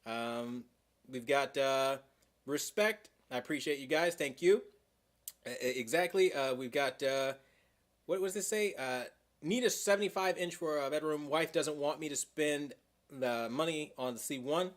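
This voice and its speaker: A man's voice: on the high side, a little slow. A young man hosting a livestream, talking in a heated, profane, rambling way with many fillers. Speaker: livestream host. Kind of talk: casual livestream chat.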